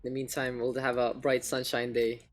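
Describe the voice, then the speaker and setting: A man's voice: mid-range voice, completely flat delivery, a little fast, faint music behind. Laid-back swearing Filipino male caster. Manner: swears casually, switches between English and Filipino. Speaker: caster and stream host. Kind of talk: casual stream chat.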